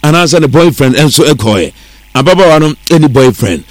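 A man reading sports news on the radio in a steady newsreader delivery, mixing English words into his talk. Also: a little high, moderate pace, dry recording. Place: radio studio.

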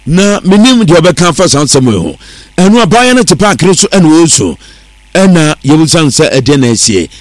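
Man, radio sports news read, high voice, dry close studio mic. steady delivery. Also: normal speed, dry recording. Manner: steady newsreader delivery, mixing English words into his talk.

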